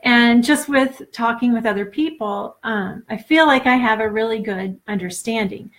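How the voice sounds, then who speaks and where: A woman in her forties talking off the cuff to a camera, halting and earnest, close to tears, with many fillers and restarts. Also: on the high side, fairly bright tone. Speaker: vlogger. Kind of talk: unscripted personal talk to camera.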